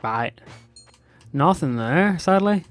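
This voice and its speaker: Young guy narrating his game run, sarcastic and jumpy, slightly high voice, soft music under it. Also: takes it slowly, no room sound. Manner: sarcastic, excitable, talks to viewers. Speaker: gaming YouTuber. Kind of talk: let's play commentary.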